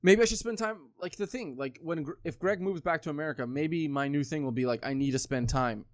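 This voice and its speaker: A man's voice: fairly high pitch, fairly quick, no echo, clean studio sound. A man in his twenties talking casually, rambling with lots of swearing and filler words. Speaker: podcast co-host. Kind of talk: casual chat.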